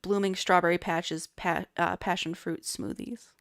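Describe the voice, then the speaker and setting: A woman's voice: on the low side, flat delivery, normal speed, gravelly, clear, resonant tone, no room sound. Chatty woman podcast co-host, dry sound. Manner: chatty, reads beer details aloud with filler words. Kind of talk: casual chat.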